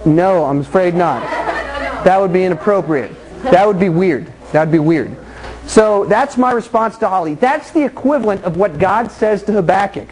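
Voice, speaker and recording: A youth pastor gives a casual, joking sermon to a youth group, acting out little scenes with members of the group. His voice sits high and expressive with a darkish tone, moving at a moderate pace over poor audio.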